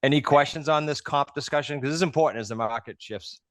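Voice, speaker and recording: A man's voice: fairly high pitch, fast talker, a bit bright, no room sound. A man hosting a live group coaching call, explaining things step by step in a conversational way.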